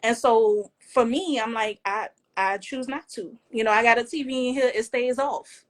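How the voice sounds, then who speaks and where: New lady on a podcast, kinda high voice, laid back and chatty. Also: moderate pace. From New Orleans. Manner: relaxed, conversational, acts out family banter. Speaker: podcast co-host. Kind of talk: casual heartfelt chat.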